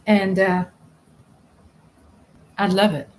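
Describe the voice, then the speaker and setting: Chatting casually on a live stream as she works, this host rambles, laughs a lot and often leaves sentences unfinished. She has a mid-range, darkish voice with a flat delivery and drawn-out words. The audio is poor, with a little hiss or hum.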